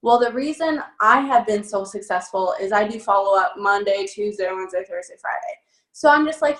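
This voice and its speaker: Her voice is mid-range, brisk, and a bit bright as the young trainer talks through network marketing sales tips in a chatty, upbeat, filler-heavy style. The phone recording picks up a lot of room echo.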